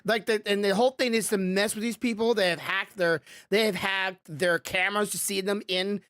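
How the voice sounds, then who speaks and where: A woman co-host chatting casually, often stalling on "um" as she hunts for the right term before pushing on. Her voice sits in an even middle pitch and sounds dry and close, with no room around it. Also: moderate pace, dry recording. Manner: hesitant, many fillers and restarts while searching for words. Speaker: podcast co-host. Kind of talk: casual chat.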